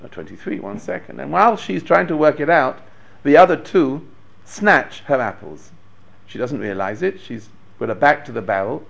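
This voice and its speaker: A man's voice: fairly high pitch, moderate pace, vocal fry. A man giving a Torah lecture as a rabbi, telling stories, acting out the quotes and chuckling now and then. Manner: animated storyteller, acts out quotes, chuckles. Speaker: rabbi teaching a class.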